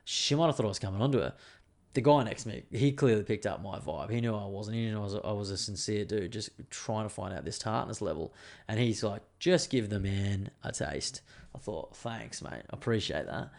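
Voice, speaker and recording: A young man hosting a podcast, telling a story in an animated, swearing, casual way. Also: lowish voice, fast. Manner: animated, swears freely, lots of fillers. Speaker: podcast host.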